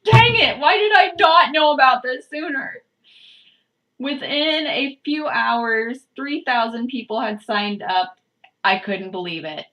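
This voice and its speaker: A woman's voice: high-pitched, takes it slowly, bright, forceful tone, rough recording. A woman vlogger reading a book aloud, breaking off with chatty, giggly asides. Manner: chatty, self-interrupting, giggly. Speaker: channel host.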